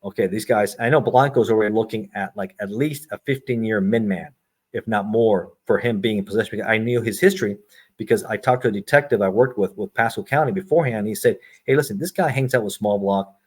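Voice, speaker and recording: A man's voice: fairly low pitch, a little mellow, breathy edge. A middle-aged man, a retired federal agent, telling stories as a podcast guest and acting out the dialogue he quotes. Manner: brisk storyteller who acts out quoted dialogue. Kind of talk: storytelling in a podcast interview.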